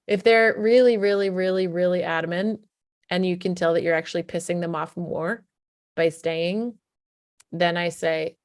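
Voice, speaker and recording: Speaking to camera in a relaxed, emphatic way, this female parenting coach offers advice and plays out lines a parent could say to a child. Her lowish, darkish voice stays steady at a normal pace, with frequent pauses. The studio sound is clean, with no echo.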